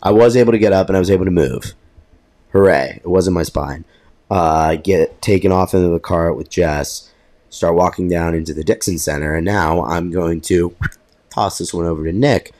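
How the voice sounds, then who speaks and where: A young man co-hosting a podcast, telling a story in a casual, animated way, swearing freely and laughing at himself. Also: sits low, moderate pace. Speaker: podcast co-host.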